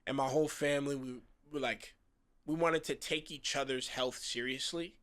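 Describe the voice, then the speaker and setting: A man in his thirties from South Florida, a guest actor telling casual, animated stories full of slang and acted-out quotes. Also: mid-range voice, moderate pace. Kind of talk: casual storytelling chat.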